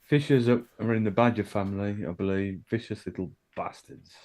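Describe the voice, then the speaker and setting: Man, low voice, casual co-host, rambling, hesitant, swears. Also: steady tone, a little fast, darkish tone. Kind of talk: casual chat.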